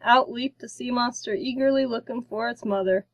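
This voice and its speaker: A woman narrating a children's storybook in a slow, careful reading. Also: a little high, no echo, poor audio.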